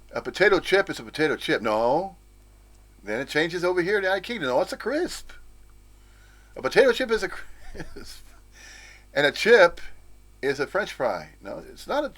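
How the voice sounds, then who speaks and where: A man's voice: mid-range voice, a bit bright. A man from the United States giving an informal, rambling spiritual talk, with frequent chuckles and playful asides. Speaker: spiritual teacher.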